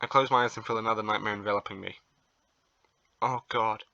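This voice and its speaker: A young man with a low but bright, forward voice reads a visual novel's narration and reacts in excited, flustered bursts. The sound is close and dry, a little dull. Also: brisk, vocal fry, dry recording. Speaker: gamer reading a visual novel aloud. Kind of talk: reading a game aloud with reactions.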